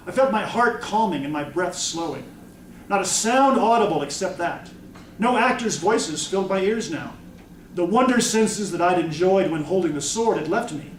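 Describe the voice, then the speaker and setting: A man's voice: sits high, moderate pace, a little hiss or hum. A male author reading his novel aloud at a convention, recorded from a distance in an echoey room. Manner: expressive first-person narration. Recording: echoey room, mic from far off.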